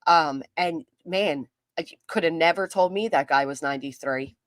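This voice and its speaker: A woman's voice: deep voice, moderate pace, dry recording, studio quality. A woman hosting a casual livestream, greeting viewers by name in a chatty way, her voice a little worn. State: losing her voice. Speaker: livestream host.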